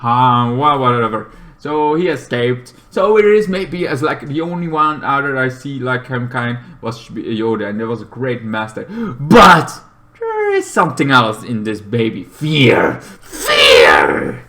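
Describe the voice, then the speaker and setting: A man casually recapping a TV episode in a rambling way, full of fillers, breaking into loud, high-pitched acted-out lines. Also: very animated, measured pace. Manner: rambling, filler-heavy retelling, bursts into loud high-pitched character voices. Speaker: TV show reviewer.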